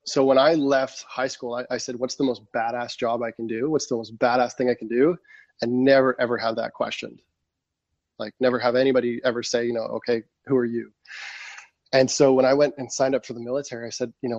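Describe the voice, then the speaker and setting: Male guest, conversational storyteller, plays his younger self, mid pitch, dry dull podcast sound. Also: a little fast, no echo. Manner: animated, acts out his past self. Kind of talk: casual storytelling.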